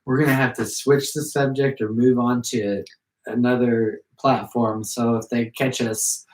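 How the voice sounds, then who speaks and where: A man's voice: mid-range voice, level tone, a little slow, darkish tone. Man on a podcast in an echoey room. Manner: loose and joking, slips into mimicked voices. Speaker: podcast co-host. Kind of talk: casual chat. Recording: echoey room, distant mic.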